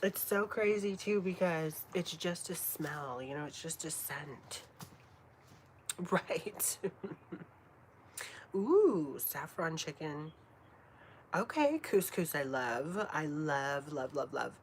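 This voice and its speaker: A woman's voice: low voice, takes it slowly, long pauses. A woman in her late twenties chatting casually on a live stream, swearing freely and often dropping to a whisper. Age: late 20s. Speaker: livestreamer chatting with viewers. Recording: steady background noise.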